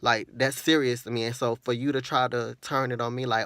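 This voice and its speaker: A man talks straight to camera in a personal vlog, earnest and repetitive as he vents about a friend. His voice sits at an ordinary middle pitch. The sound is close and dry with no room around it. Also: level tone, brisk, few pauses, fairly bright tone, no echo. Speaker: vlogger.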